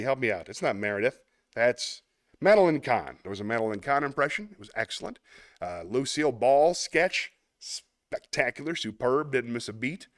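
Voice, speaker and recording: A man's voice: medium pitch, animated, normal speed, dry recording, clean studio sound. A man hosting a live online show, chatting casually as he reads viewer comments, rambling and laughing often. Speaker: host. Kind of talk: casual live-stream chat reading comments.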